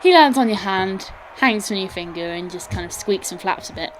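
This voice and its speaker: A woman narrating a tabletop game as game master, in a steady, descriptive way. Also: medium pitch, normal speed, a little hiss or hum, rough recording.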